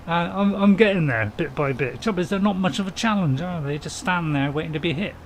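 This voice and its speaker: This middle-aged streamer jokes and chats while playing a farming game live, chuckling as he reads out and responds to his viewers' chat. He speaks at a normal speed with a fairly high pitch. There's a little hiss or hum, and the recording is rough.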